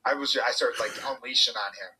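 Young male podcast guest, rapid and bright, husky edge, animated storyteller. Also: mid-range voice, slight background noise, poor audio. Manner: animated storytelling, swearing, quoting others. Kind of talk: casual chat.

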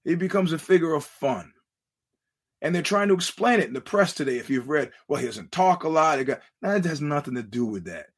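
Husky-voiced man rambling as podcast host. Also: on the high side, animated, brisk. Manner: digressive storytelling with frequent restarts and laughs; blunt and profane. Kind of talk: casual rambling monologue.

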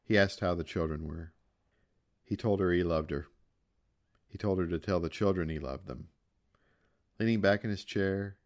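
A man reading a short story aloud in a calm, measured way. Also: sits low. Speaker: story reader. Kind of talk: story narration.

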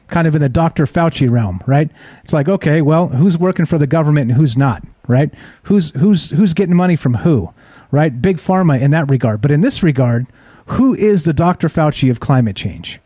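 A man's voice: fairly high pitch, expressive, normal speed, mellow, no room sound. Skeptical man hosting a dry, close talk show. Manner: skeptical, rhetorical, keeps asking the audience "right?". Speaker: host. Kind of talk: live-streamed talk show monologue.

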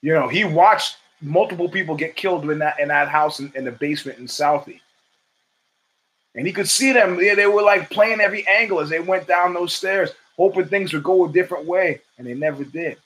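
An older man hosts his own show in a loose, profane monologue that drifts from story to story. His voice sits noticeably high for a man, and he keeps slipping into quick acted-out lines of dialogue. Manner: profane, rambling, animated storytelling with acted quotes. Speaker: podcast host. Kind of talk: casual monologue.

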